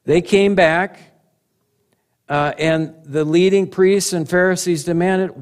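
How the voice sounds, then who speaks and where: A man preaching a sermon, animated, asking rhetorical questions and chuckling at his own points. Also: high voice, slow pace. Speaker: pastor.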